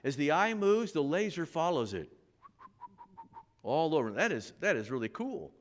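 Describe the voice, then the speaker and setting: A pastor in church preaches animatedly, weaving in a personal story and acting out how each person in it sounded. His voice is on the high side, and he speaks at a normal speed.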